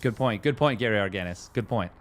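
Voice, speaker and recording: A man's voice: on the low side, a little fast. A Canadian man casting a tournament in a casual, chatty way, answering viewers' questions aloud. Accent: Canadian English. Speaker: tournament caster. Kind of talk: casual live commentary and chat reading.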